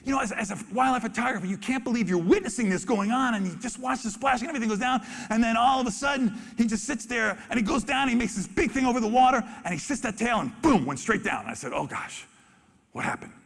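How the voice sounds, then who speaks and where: Excitable man on a reverberant expo stage. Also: very high voice, quick pace, vocal fry, few pauses. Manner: excitable, acts out reactions with sudden loud exclamations. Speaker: wildlife photographer giving a talk. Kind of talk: animated storytelling presentation. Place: large expo hall stage. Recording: reverberant hall.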